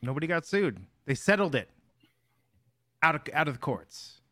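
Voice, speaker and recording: A man's voice: a little high, big pitch swings, moderate pace, sharp tone, no room sound, clean studio sound. A man co-hosting a podcast in casual chat, with a playful, theatrical announcer-style delivery. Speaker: podcast co-host.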